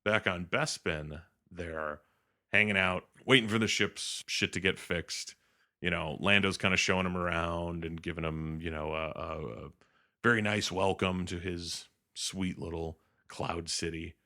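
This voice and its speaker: Male co-host, casual movie recap, animated and profane, low voice with forceful edge. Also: measured pace. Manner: animated, swearing, acts out characters.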